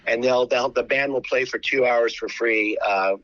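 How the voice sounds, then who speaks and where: A charity founder with an American accent, telling animated stories with many restarts in a radio interview. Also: male voice, medium pitch, normal speed, dry recording, highs cut off.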